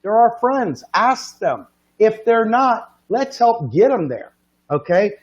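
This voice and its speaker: A man's voice: sits high, very animated, slow, highs cut off. A man from the United States hosting a livestream, making an earnest, pleading political appeal with repeated questions. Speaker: livestream host.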